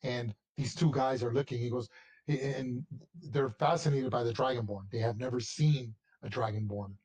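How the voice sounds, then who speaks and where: Husky-voiced man running a tabletop game. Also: medium pitch, steady tone, normal speed, darkish tone. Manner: rambling, many restarts and repeats. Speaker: game master.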